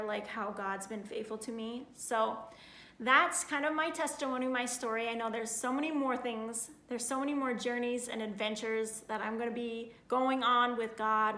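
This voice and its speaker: Earnest woman in her 30s, casual testimony, slightly high voice, echoey room. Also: fairly bright tone. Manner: earnest, heartfelt, frequent "like" fillers. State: getting emotional. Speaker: vlogger sharing her testimony.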